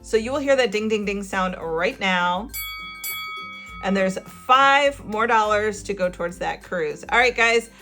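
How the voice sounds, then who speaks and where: A woman's voice: mid-range voice, lively intonation, a little slow, sharp tone, faint music behind. Chatty woman counting cash aloud. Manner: chatty, counts money aloud, laughs often. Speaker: budgeting channel host. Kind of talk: casual chat while cash stuffing.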